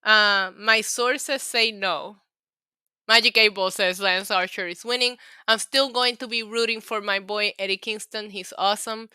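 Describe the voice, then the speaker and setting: A woman's voice: mid-range voice, fairly even intonation, a little slow, pushed and bright, smooth, dry recording. A woman from New York City hosting a casual livestream, chatting, laughing often and reading the chat aloud. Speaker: livestream host.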